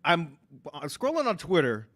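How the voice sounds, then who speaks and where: A man's voice: on the high side, huge pitch swings, fairly bright tone, no echo. A man co-hosting a casual podcast, rambling and swearing as he tells stories. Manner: rambling, profane, quick laughs. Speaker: podcast co-host.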